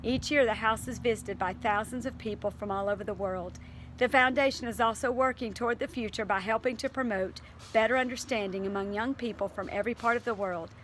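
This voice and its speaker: A woman's voice: a little high, fairly quick, a bit bright, slight background noise. A woman teacher reading aloud to her class and then talking it over earnestly, with fillers and restarts.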